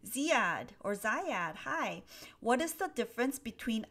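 A woman's voice: mid-range voice, lively intonation, slow pace, fairly bright tone. A woman English teacher answering viewers' questions on a live stream, explaining patiently with many fillers and reading from a laptop. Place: at a desk with a laptop.

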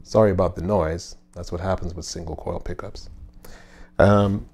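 A man hosting his own channel, giving a casual, friendly bass lesson with fillers and asides from a home studio. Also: steady tone, normal speed, creaky, a little mellow. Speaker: bass teacher and channel host. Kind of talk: casual instructional talk.

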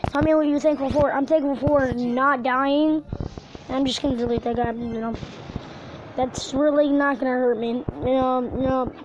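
A woman's voice: sits high, noisy background. A woman hosting her own gaming channel, giving rambling, filler-heavy, crude, joking let's-play commentary. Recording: dull lo-fi recording with faint music.

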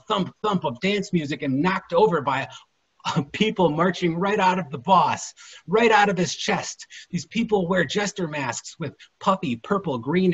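Author reading fiction, high husky voice, dramatic, muffled lo-fi recording. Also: male voice, a bit bright. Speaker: featured author.

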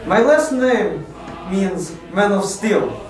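A young male student playing a stern, ambitious male Soviet party leader in a classroom role-play, speaking slowly and formally. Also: high-pitched, animated, far from the mic. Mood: solemn. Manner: slow, measured, formal. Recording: echoey classroom from afar with music.

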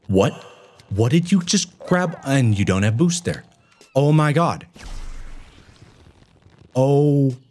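A man doing frustrated gaming commentary, swinging from low mutters to sudden yelling as he plays. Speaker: gaming video host.

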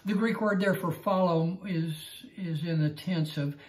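In a roomy, echoing space, this man gives an earnest Bible lesson, frequently stumbling over his words and restarting or repeating himself. His voice is a little high and darkish in tone, with a measured pace and few pauses.

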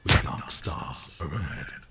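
A man narrating a rhyming bedtime story in a game, with a slow storyteller delivery. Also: a bass voice, lively intonation, over loud music, exaggerated voice.

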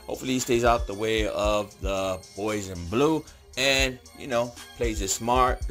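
A man's voice: on the low side, fairly bright tone. A man hosting an online video channel, giving hyped casual commentary and tagging nearly every line with "man". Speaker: channel host.

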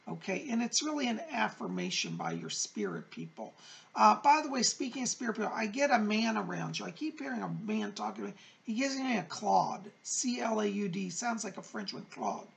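A middle-aged man hosting a psychic advice show, reading viewer letters aloud and answering them in a gentle, reassuring, chatty way. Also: high voice, vocal fry. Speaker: psychic medium host.

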